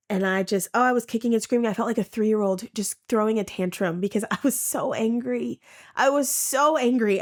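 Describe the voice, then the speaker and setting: A woman giving a personal faith testimony, halting and emotional, often repeating words and acting out what she said at the time. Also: mid-range voice. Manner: acts out her own past words. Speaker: testimony speaker.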